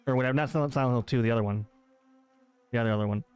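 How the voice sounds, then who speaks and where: A man's voice: mid-range voice, very fast, darkish tone, smooth. Man, game streamer, playful teasing banter, faint game music behind. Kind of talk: live game stream chat.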